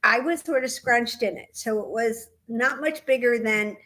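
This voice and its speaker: A woman's voice: on the high side, normal speed, a bit bright. A middle-aged woman from Indiana, co-hosting a casual knitting podcast and telling stories with frequent laughter. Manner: chatty storyteller, laughs often. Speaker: podcast co-host. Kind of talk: casual chat.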